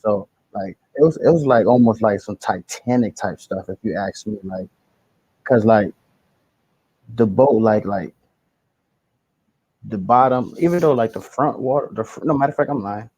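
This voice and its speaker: Young man rambling through a story, husky voice. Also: on the low side, moderate pace, long pauses, highs cut off. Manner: rambling, slangy, animated retelling with self-corrections. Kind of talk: casual storytime vlog.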